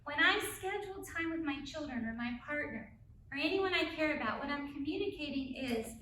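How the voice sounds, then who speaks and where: Bright, high-voiced woman speaking in an echoey hall. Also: fairly quick, a little hiss or hum. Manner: energetic, keeps checking in with "right?". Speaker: parenting speaker. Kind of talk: live talk to an audience. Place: school auditorium. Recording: echoey room, mic from a distance.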